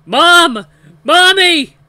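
A man doing a panicked, squeaky-voiced captive. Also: huge pitch swings, moderate pace, fairly bright tone, dry recording, heavily acted. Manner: high panicked squeaky cries. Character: frightened young human captive, panicked.

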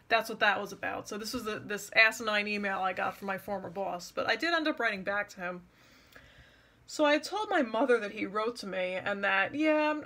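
A woman's voice: medium pitch, bright, forceful tone. A young woman telling a personal story to camera in an exasperated, sarcastic rant. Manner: exasperated, sarcastic, mocks others' words. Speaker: vlogger.

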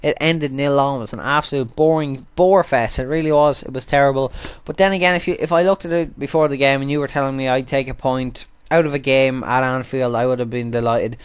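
A man's voice: mid-range voice, steady tone, fairly quick, clear, resonant tone, no echo. A man talking casually over football game footage, chatty and rambling, swearing freely. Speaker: gaming commentator. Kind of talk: casual gameplay commentary voice-over.

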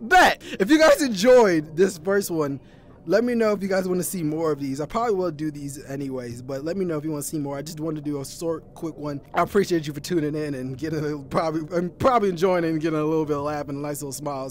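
A man streaming a horror game, reacting with loud, profane shouts and casual banter. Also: a little high, fast, slight background noise. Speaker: gaming streamer. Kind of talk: gaming reaction commentary.

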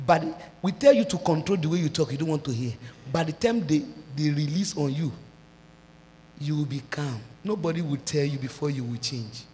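A Nigerian woman pastor preaching a sermon, breaking into shouted and sung outbursts. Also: low voice, normal speed, long reverb tail.

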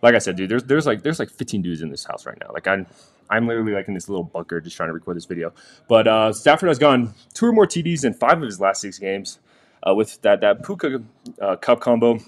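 A young man hosting a casual sports betting picks vlog from a quiet room in a busy house, chatty and talking straight to viewers. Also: on the low side, sing-song, quick pace. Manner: chatty, restarts sentences, addresses viewers directly.

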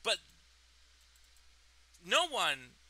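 A man's voice: high voice, huge pitch swings, drawn-out words, sharp tone, poor audio. A young man in a vlog, indignantly retelling a personal story and swearing freely. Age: young adult. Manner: indignant, profane retelling of events. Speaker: vlogger.

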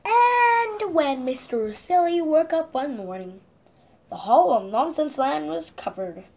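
A woman reading a picture book aloud to children in an animated way, asking the listener questions along the way. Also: high-pitched, a little slow. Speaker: children's story reader.

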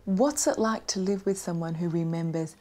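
A woman's voice: fairly low pitch, moderate pace, dark tone. A woman interviewer with an Australian accent asking curious, prompting questions.

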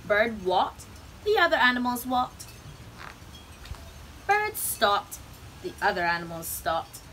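A woman reading picture books aloud to children, with expressive, animated storytelling. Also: a little high, slow, slight background noise, poor audio.

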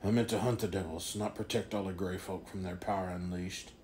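A man voicing a wary, vengeful male swordsmith who speaks in a gruff, demanding way. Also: low-pitched, fairly even intonation, a little fast, darkish tone, slight background noise, natural voice. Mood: defiant.

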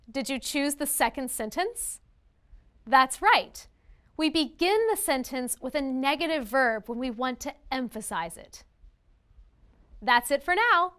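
A woman narrating a scripted grammar lesson, reading example sentences in a clear, deliberate way. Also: sits high, lively intonation, sharp tone. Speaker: grammar teacher.

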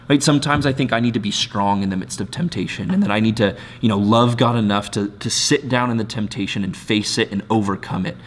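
A man, a pastor, giving a short devotional sermon in an earnest, conversational way, often restarting phrases and checking in with "right?". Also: medium pitch.

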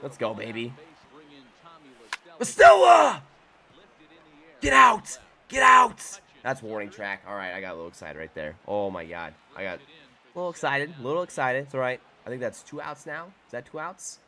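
A young man giving live gameplay commentary, muttering to himself one moment and shouting in excitement the next. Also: fairly low pitch, fast. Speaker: gaming YouTuber.

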